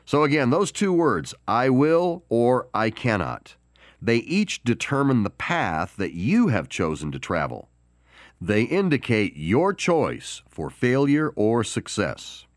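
A man hosting a Christian podcast, delivering an encouraging devotional talk with deliberate pauses and emphatic stress on key words. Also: medium pitch, sing-song, no room sound, studio quality. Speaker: podcast host.

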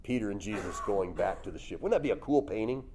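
A man preaching a sermon, telling the story lively, acting out voices and chuckling often. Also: on the low side, quick pace, slight background noise. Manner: lively storytelling, acts out voices with loud jumps.

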